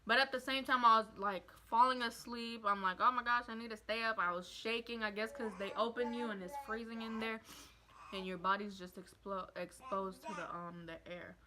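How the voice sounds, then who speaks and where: A woman's voice: mid-range voice, steady tone, moderate pace, background noise. A young adult woman vlogger telling her birth story in a casual, emotional, rambling way with lots of fillers.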